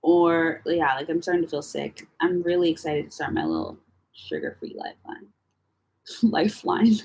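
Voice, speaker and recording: A young woman chatting casually to camera as she sorts through her files, rambling and swearing with slangy, animated talk. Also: deep voice, normal speed, low-quality recording. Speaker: vlogger.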